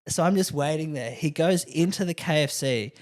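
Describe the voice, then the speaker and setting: A young Australian man, a comedian guest on a podcast, telling animated anecdotes and acting out the people he quotes. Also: fairly high pitch, moderate pace. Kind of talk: casual chat.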